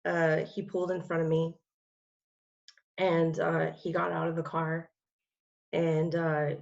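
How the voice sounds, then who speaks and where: Woman guest, low flat voice, rambling testimony full of fillers, dull lo-fi sound. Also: slow pace, vocal fry. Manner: rambling, many fillers and restarts. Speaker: interview guest. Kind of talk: personal testimony in conversation.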